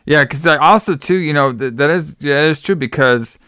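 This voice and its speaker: A man's voice: a little high, fairly quick, sharp tone, smooth, no echo, studio quality. A man co-hosting a podcast, recapping a film scene by scene and acting out the characters' lines. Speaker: podcast co-host.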